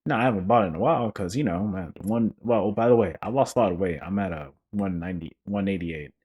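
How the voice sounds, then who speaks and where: A young man hosts his own podcast, his voice low-pitched and a touch husky. He rants in an animated, joking way, swearing freely and stumbling through restarts. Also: quick pace. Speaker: podcast host. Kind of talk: casual solo podcast rant.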